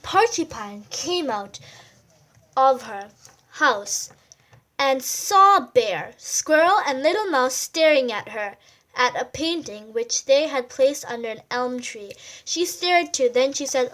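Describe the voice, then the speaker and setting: A woman reading a picture book aloud in an animated way and adding chatty comments about the pictures. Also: high-pitched, slow pace. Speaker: storyteller.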